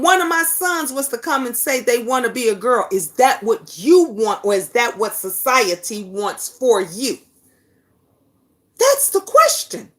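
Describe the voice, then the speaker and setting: High-voiced woman, blunt and animated. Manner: blunt, animated storytelling with profanity; reads viewer comments aloud. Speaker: talk show host. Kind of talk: casual livestream chat.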